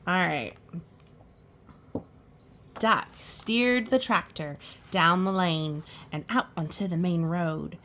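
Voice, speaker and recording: A woman's voice: lowish voice, slow, long pauses, sharp tone, slight background noise. A woman reading a picture book aloud at storytime, exclaiming and pointing out the pictures. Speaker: storytime reader.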